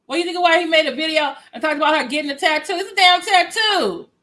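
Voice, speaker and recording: A woman giving sassy, animated reaction commentary aimed at the viewer. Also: extremely high pitch, quick pace, poor audio. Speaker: commentary YouTuber.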